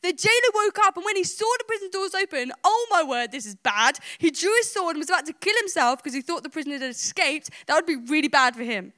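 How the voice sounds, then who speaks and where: A woman's voice: extremely high pitch, fast talker, hardly any pauses, pushed and bright, dry recording, clean studio sound. A woman preacher giving an emphatic sermon, retelling a scripture story with rhetorical questions and repetition.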